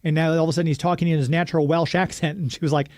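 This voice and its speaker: A man's voice: a little high, steady tone, racing, a little mellow, dry recording. Podcast cohost guy, easygoing, lots of ums while he thinks, dry close mic. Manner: easygoing, thinks aloud with fillers. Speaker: podcast co-host. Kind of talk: casual movie review chat.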